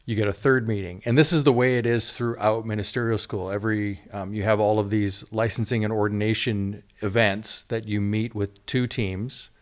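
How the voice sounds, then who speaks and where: A man with a lower-pitched voice hosts a relaxed interview as a minister. He talks casually, pads his sentences with fillers and keeps checking in with "right?". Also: moderate pace, hardly any pauses. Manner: chatty, tags lines with "right?", many fillers. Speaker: host and minister.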